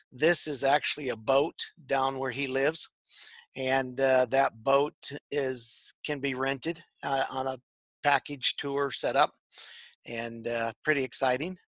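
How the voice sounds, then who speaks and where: A man's voice: medium pitch, level tone, measured pace, a bit bright, no echo. A man co-hosting a casual tech chat show, rambling and repeating his words. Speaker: podcast co-host. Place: tech shop.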